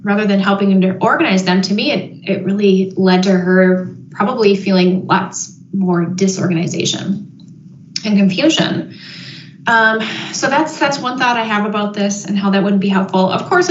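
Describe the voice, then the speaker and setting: A woman giving a parenting webinar, thoughtful and reflective, pausing with frequent ums and restarts. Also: mid-range voice, a little hiss or hum. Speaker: parenting educator. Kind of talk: webinar presentation. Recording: roomy, slightly dull audio.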